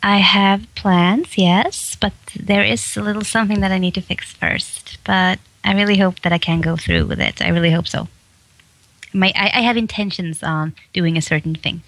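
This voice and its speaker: A woman's voice: medium pitch, steady tone, moderate pace, a bit bright, dry recording. A woman with a Swedish accent, a voice actress and comedian chatting in an interview, laughing often and restarting sentences. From Sweden. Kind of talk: casual interview chat.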